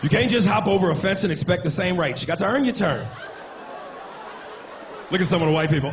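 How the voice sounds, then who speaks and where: A man doing a stand-up comedy set, brash and profane, telling animated stories on a club stage. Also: sits high, fairly quick, pauses often. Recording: live club with loud crowd and noise.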